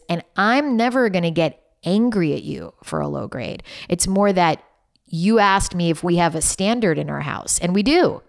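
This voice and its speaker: A middle-aged woman, a podcast guest, chatting casually and acting out conversations as she tells stories. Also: on the low side. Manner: animated storyteller, acts out dialogue. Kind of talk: casual interview chat.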